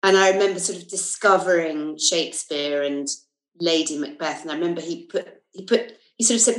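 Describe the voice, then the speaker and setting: A woman's voice: deep voice, fast. A middle-aged woman from England with a southern English accent, a comedian and actress telling school stories as a podcast guest. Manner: lively storyteller with many fillers and asides. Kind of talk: casual interview anecdotes. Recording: roomy echo.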